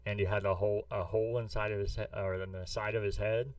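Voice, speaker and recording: A man's voice: lowish voice, flat delivery, quick pace, dry recording, distant mic. A man from the US Midwest, co-hosting a podcast, chatting casually in a rambling, profane storytelling way. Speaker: podcast co-host. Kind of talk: casual chat.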